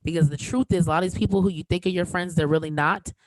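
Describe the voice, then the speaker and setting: A woman's voice: fairly low pitch, fairly even intonation, fast talker, dry recording, rough recording. Emphatic podcast host woman, dry close sound. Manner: emphatic, projecting, repeats herself, slangy. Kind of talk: solo podcast rant.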